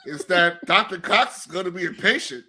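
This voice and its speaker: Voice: mid-range voice, animated, normal speed, crowd noise. A co-host in casual chat who reacts bluntly and swears freely. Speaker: podcast co-host.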